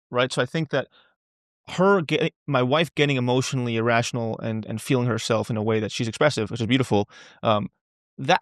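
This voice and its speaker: A man's voice: medium pitch, fairly bright tone, dry recording, studio quality. A man speaking as a podcast guest, talking candidly and loosely, repeating words as he goes and swearing casually. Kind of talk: candid conversational interview.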